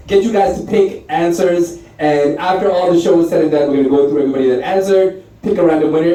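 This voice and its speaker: A man hosting a live podcast, running quick questions with upbeat, joking banter. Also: fairly high pitch, dark tone. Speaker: podcast host. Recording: very echoey room, mic far off.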